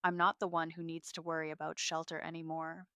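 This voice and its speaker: A woman narrating a first-person story in a cool, measured way. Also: deep voice, level tone, sharp tone, clean tone, no room sound, studio quality.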